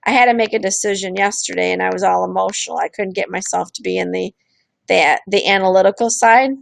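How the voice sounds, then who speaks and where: A woman's voice: medium pitch, fairly even intonation, fast talker, vocal fry, no room sound. A woman hosting a streamed show, explaining ideas in a candid, casual way and acting out quoted voices, with frequent restarts.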